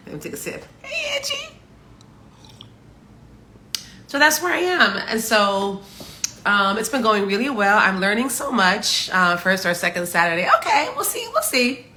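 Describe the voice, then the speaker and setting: A woman's voice: mid-range voice, huge pitch swings, normal speed, pushed and bright. A woman in her morning voice hosting a casual livestream from home, chatting upbeat with viewers and laughing often. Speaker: livestream host. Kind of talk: casual live chat greeting viewers.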